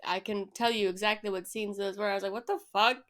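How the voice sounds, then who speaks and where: A woman co-hosting a podcast in casual chat, blunt and animated, swearing freely. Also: mid-range voice, fast talker. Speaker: podcast co-host.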